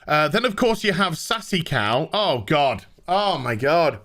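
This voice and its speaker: A man's voice: on the high side, big pitch swings, unhurried, few pauses, a bit bright. A man ranting in a sarcastic, dismissive TV review. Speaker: show reviewer.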